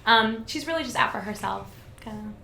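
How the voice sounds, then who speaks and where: A woman's voice: on the high side, expressive, a little fast, gravelly, a crowd in the background. A woman playing a tabletop game, describing her character hesitantly with many fillers. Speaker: player. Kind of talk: casual tabletop game chat. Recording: echoey, noisy room.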